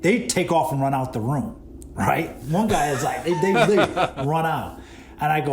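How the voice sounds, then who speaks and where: Cinematographer guest, lively storyteller, laughs a lot, voice a bit echoey. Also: male voice, on the high side, normal speed, a little hiss or hum. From Boston. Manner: animated, laughing, retells exchanges. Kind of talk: casual storytelling interview. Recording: roomy echo.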